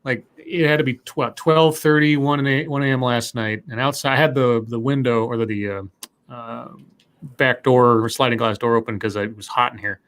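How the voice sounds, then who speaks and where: A tired man co-hosting a podcast, telling a story in a rambling way with many halting restarts. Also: mid-range voice, fairly even intonation, fairly bright tone. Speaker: podcast co-host. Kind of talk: casual storytelling chat.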